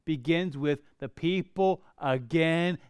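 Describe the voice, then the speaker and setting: A middle-aged pastor delivers a sermon, spinning stories with animated emphasis and wry humorous asides. His voice sits high and sounds smooth and resonant. The recording is close and dry. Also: slow, no echo.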